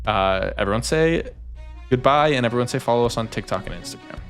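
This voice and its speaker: A man's voice: mid-range voice, lively intonation, brisk, fairly bright tone, soft background music. Teasing, laughing male dungeon master. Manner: laughs often, teasing players. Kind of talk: casual tabletop game wrap-up chat.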